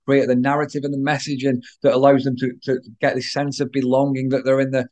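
Croaky man coaching on business. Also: mid-range voice, level tone, quick pace, darkish tone. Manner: repetitive, earnest, coaching. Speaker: podcast host, business coach. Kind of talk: solo talk to listeners.

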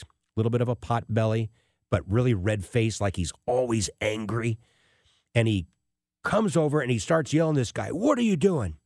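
A male radio talk host with a lowish voice that swoops up and down as he tells his story. His delivery is emphatic and animated, and it sounds close and dry in the studio. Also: dry recording.

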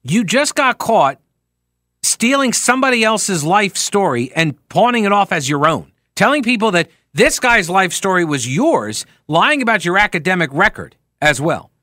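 A man's voice: sits high, big pitch swings, normal speed, bright, forceful tone, no echo. A man hosting talk radio, giving sarcastic, mocking commentary into a studio microphone.

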